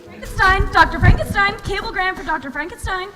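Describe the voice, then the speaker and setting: A woman playing a brisk, matter-of-fact telegram messenger in a school stage musical. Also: very high voice, over music. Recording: long hall reverb, faint room noise.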